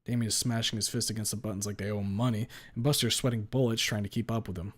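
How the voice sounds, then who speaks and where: A man reading a first-person story aloud with a blunt, deadpan delivery and casual swearing. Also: fairly low pitch, very fast. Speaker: story reader.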